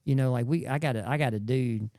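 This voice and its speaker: A man's voice: medium pitch, fast, warm tone, no room sound, studio quality. A man, a YouTube creator chatting casually on a podcast, rambling and slangy and often repeating words.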